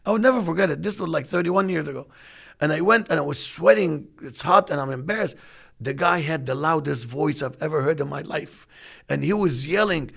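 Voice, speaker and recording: A man in his fifties telling a business story in a relaxed chat, acting out what people said. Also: a little high, brisk, gravelly. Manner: animated storyteller acting out quotes. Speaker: podcast co-host. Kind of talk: casual storytelling.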